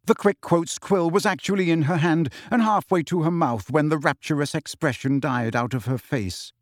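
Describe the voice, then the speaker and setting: A man's voice: a little high, normal speed, dry recording, clean studio sound. A man reading a novel aloud as narrator. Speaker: audiobook reader. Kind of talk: scripted narration.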